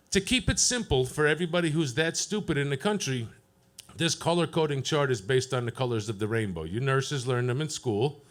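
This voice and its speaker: A man doing a profane stand-up set at an open mic, deadpan and teasing the crowd. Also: mid-range voice, normal speed. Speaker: stand-up comedian. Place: comedy club stage.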